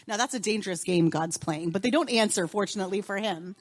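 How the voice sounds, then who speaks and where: A woman's voice: mid-range voice, quick pace, few pauses. A woman rabbi and cantor teaching an interactive Torah class in a synagogue, calling on students and asking the group questions.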